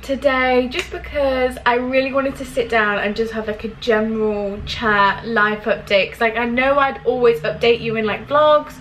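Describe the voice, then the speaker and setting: A woman's voice: fairly high pitch, steady tone, moderate pace, few pauses, slight background noise, rough recording. A young woman vlogging in a casual chat, effusive and full of "like" fillers. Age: young adult. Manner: chatty, full of "like" fillers, warm and effusive toward viewers.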